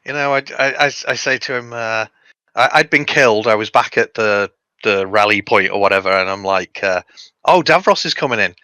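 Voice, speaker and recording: A man, a regular of the stream, telling animated anecdotes in casual group chat. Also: on the low side, normal speed, clean tone, no room sound.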